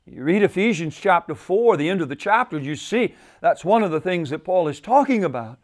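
A male pastor delivers a sermon with a fairly high voice. He repeats key phrases and lets his delivery drop to a hush before rising again for emphasis. The setting is a retreat gathering. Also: big pitch swings, brisk. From United States. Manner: repeats phrases, rises and falls in pitch and volume for emphasis. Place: church at a men's retreat.

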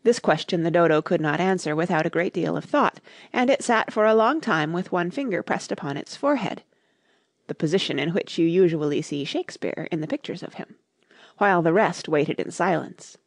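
A woman narrating a classic storybook in a clear, measured reading. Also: fairly low pitch, lively intonation, no room sound, studio quality. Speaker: audiobook narrator.

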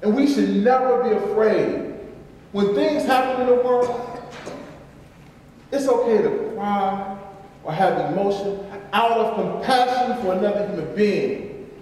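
A man's voice: high voice, measured pace, long pauses, darkish tone, a little hiss or hum. A man preaching a sermon as pastor, emphatic and repetitive, in a large church. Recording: echoey church hall from far off.

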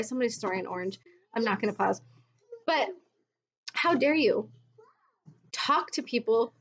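A woman's voice: a little high, a bit bright. A woman vlogging at home in a blunt, exasperated tone, with mocking asides. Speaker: vlogger recounting her MLM experience. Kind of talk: casual commentary video.

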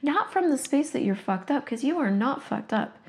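A woman's voice: high voice, animated, normal speed, a little mellow. Blunt, emphatic woman coach. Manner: blunt, emphatic, swears freely; reads passages aloud from a workbook. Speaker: coaching facilitator. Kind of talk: motivational monologue.

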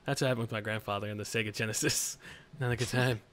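A man's voice: lowish voice, steady tone, fast, fairly bright tone. A man co-hosting a casual gaming podcast, joking and teasing the others. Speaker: podcast co-host. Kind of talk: casual group chat.

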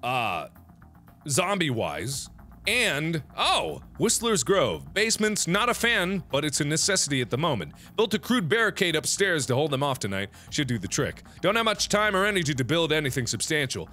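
Excitable man doing game commentary. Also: on the high side, normal speed. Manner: excitable, loud outbursts and mumbled planning. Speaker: gaming video host. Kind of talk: let's play commentary. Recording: game music clearly audible behind. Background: game music.

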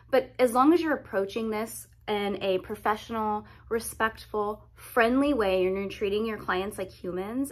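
A woman who runs a lash business, giving casual, chatty advice to other lash artists and acting out client scenarios. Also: medium pitch. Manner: chatty, lively, acts out scenarios.

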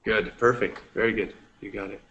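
A man's voice: fairly low pitch, fairly even intonation, brisk, sharp tone, muffled recording, a little hiss or hum. A man teaching English one-on-one, patient and encouraging, switching to Spanish now and then to explain. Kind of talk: one-on-one language lesson.

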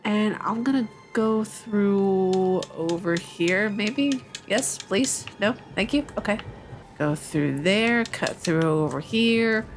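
A woman's voice: medium pitch, animated, slow, slight background noise. A young woman hosting a let's-play, chatting playfully with her viewers as she plays. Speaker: gaming channel host. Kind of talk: casual let's-play commentary.

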